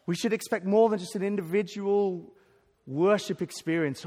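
A man delivers a sermon in an earnest, emphatic way, often stumbling and restarting mid-phrase. His voice sits high for a man. The sound carries the long reverb of a large hall. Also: moderate pace, darkish tone. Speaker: preacher. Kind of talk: sermon at a conference.

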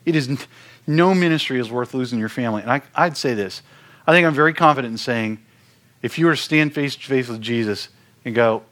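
A middle-aged man preaching in an earnest, conversational way, often doubling his words when he drives a point home. His voice sits at a medium pitch for a man. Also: fast, a bit bright. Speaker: worship ministry speaker. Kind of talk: sermon-style teaching talk.

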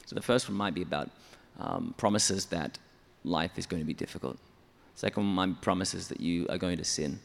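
In an interview, a man who writes church songs walks methodically through his process step by step, counting syllables aloud as he explains. His deep, gravelly voice runs a little fast with hardly any pauses, and the room sounds big.

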